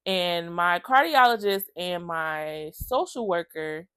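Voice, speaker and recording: A woman's voice: on the low side, slow, clean tone, no room sound. A woman telling her own story to camera in a casual vlog, emotional and chatty, speaking straight to her viewers. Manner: emotional, lively storytelling that acts out other people's lines; chatty, addresses viewers as y'all.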